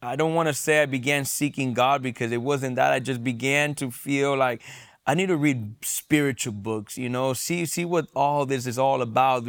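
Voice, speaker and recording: Young man, gravelly voice, earnest personal testimony, trips over words now and then. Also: medium pitch. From San Diego, USA. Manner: earnest, repeats words when emotional. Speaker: testimony guest.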